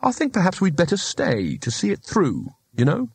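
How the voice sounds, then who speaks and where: A man's voice: sits high, wildly swooping pitch, normal speed, darkish tone, slightly rough, dry recording, pitched above the performer's own voice, heavily acted. A man voicing a nervous, reluctant male wizard who speaks hesitantly and defensively.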